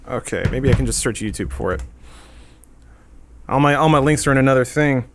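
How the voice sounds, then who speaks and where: A man's voice: mid-range voice, normal speed, pauses often, fairly bright tone, slight background noise. A man in his thirties hosting a casual gaming podcast, talking in a loose, rambling way with lots of fillers. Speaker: podcast host.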